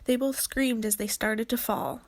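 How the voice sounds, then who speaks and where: A woman narrating a children's book aloud in a clear, expressive storytelling voice. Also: a little high, unhurried, no room sound.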